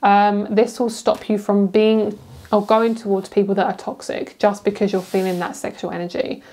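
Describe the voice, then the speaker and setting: Young British woman, chatty tarot reader, casual and giggly, mid-pitched. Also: little pitch movement, normal speed, mellow. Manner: chatty, giggly, rambling with fillers. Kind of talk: casual pick-a-card tarot reading.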